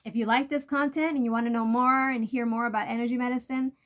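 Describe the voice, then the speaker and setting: A woman's voice: fairly high pitch, fairly even intonation, fast talker, a bit bright. A woman hosting an energy medicine vlog, explaining tapping and breathing techniques in a casual, rambling way with lots of fillers. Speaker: energy medicine channel host.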